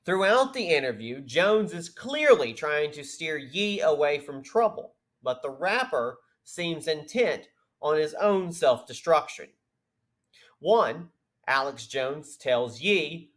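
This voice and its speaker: A man hosts his own political commentary podcast, reading stories out and breaking off for sarcastic remarks. His voice sits a little above the usual male pitch. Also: animated, takes it slowly, fairly bright tone. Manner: reads news aloud with sarcastic asides. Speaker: podcast host.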